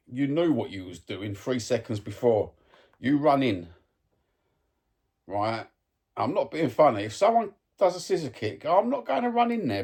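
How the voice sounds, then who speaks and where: Blunt, sweary man in his own voice, heated fan ranting about a match, mid-pitched. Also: darkish tone. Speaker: football fan vlogger.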